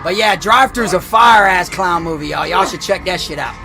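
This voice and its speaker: A streamer man with a high, gravelly voice and a bright, forceful edge. He rambles through stories in slang, restarting his sentences, while game music plays faintly behind him. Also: a little fast. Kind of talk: casual gaming stream chat.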